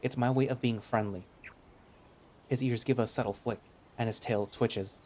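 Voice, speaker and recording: A man's voice: medium pitch, moderate pace, a little mellow, slight background noise. A man narrating a visual novel in the first person, in a casual, chatty way that turns hesitant in dialogue.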